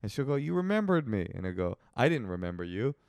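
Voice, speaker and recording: A man co-hosting a podcast in casual chat, talking in a chatty, jokey way with quick asides. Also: fairly low pitch, very animated, creaky, a little mellow, clear, resonant tone, no echo, clean studio sound. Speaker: podcast co-host.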